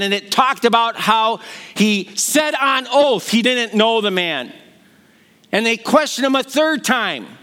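Middle-aged guy preaching, high voice, slow and animated, does the voices in his stories. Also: smooth. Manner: animated storytelling, acting out quoted voices. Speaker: pastor. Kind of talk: sermon.

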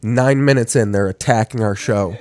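A man's voice: on the low side, moderate pace, dark tone, soft background music. A man hosting a podcast, doing casual, profane commentary in a mocking, crude tone with heavy swearing. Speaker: podcast host. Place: studio in a large city.

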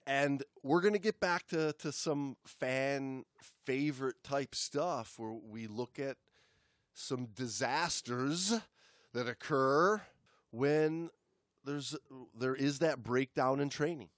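A man co-hosting a podcast in casual chat, talking in a relaxed, steady, explanatory way. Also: medium pitch, takes it slowly, no room sound, clean studio sound. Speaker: podcast co-host.

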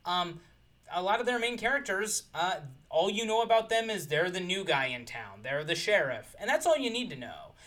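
A man's voice: high-pitched, big pitch swings, normal speed, a bit bright. A man guesting on a podcast, talking enthusiastically about films in a casual, articulate way. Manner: enthusiastic, articulate, frequent ums. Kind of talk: casual film discussion.

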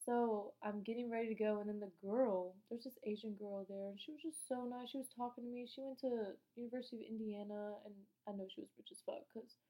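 A woman's voice: fairly high pitch, brisk, few pauses, poor audio. A woman in her late teens telling a travel story in a casual, profane, slangy way, acting out the dialogue as she goes. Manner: animated, acts out dialogue. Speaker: vlogger.

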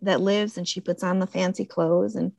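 A woman in casual conversation about a movie, animated, jumping into high-pitched voices when she quotes characters. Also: moderate pace, gravelly, dry recording.

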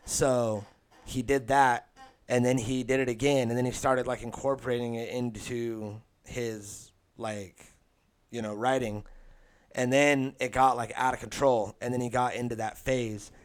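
A man's voice: mid-range voice, steady tone, a little slow, clear, resonant tone. A man co-hosting a casual chat, easygoing and rambling as he tells a story. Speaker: podcast co-host.

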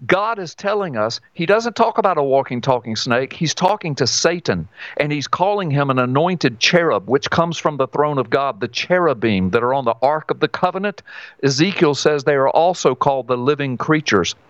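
A man teaches scripture on a talk radio show with an emphatic, questioning manner. His voice sits slightly high. The sound is dry and dull, like a lo-fi line. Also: lively intonation, moderate pace, no room sound. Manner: emphatic, asks and answers his own questions. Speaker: guest author.

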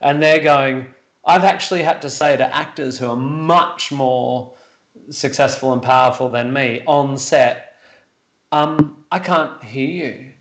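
A man's voice: medium pitch, steady tone, measured pace, reverberant, poor audio. A man on a video call, a guest actor and writer, talking in a rambling, reflective way that turns self-deprecating. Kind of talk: casual chat on a video call.

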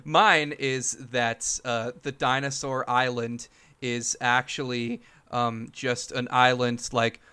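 A man in casual podcast banter, his voice bright and forward with a smooth, clean tone. He rambles through comic theories, stumbling over restarts and laughing mid-sentence. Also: medium pitch, flat delivery, slow pace. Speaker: podcast co-host. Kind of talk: casual comedic chat.

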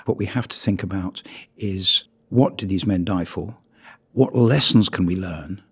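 A man from Britain, a photographer giving a public talk on his pictures in an earnest, measured way with emphatic rises on key words. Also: low-pitched, breathy edge.

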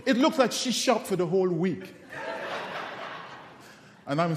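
A man preaching a sermon, telling funny personal stories in an animated, self-mocking way before reciting scripture. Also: high-pitched, takes it slowly, long pauses, slight background noise. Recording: echoey hall with long reverb.

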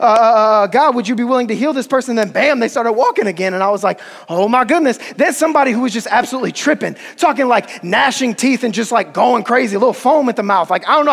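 A man voicing an excited young male disciple who tells his story breathlessly, boastfully and with slang. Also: extremely high pitch, vocal fry, exaggerated voice. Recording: long hall reverb.

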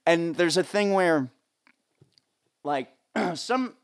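A man's voice: a little high, extremely slow. A middle-aged man from the United States, a live sound rigger, telling rambling stories in a casual interview. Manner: rambling, lots of fillers, animated voices when quoting.

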